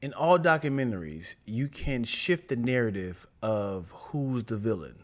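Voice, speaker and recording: A man co-hosting a casual podcast chat, excitable, stammering and acting out little quotes as he argues his point. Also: medium pitch, measured pace. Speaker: podcast co-host.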